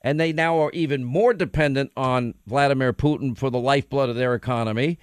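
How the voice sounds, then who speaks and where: A man's voice: medium pitch, clear, resonant tone, no echo. A man hosting a political opinion talk show, emphatic and combative, firing off points one after another. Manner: emphatic, combative, rapid-fire. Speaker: talk radio host.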